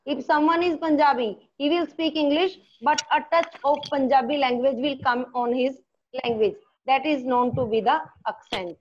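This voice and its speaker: A woman teacher with an Indian accent who repeats each question, explains slowly and slips into Hindi. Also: sits high, lo-fi sound, a little hiss or hum. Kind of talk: online class lesson.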